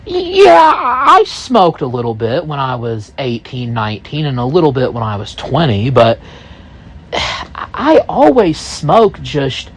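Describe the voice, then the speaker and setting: A man in his thirties telling a first-person story, rambling and halting, full of asides. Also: mid-range voice, sing-song, husky.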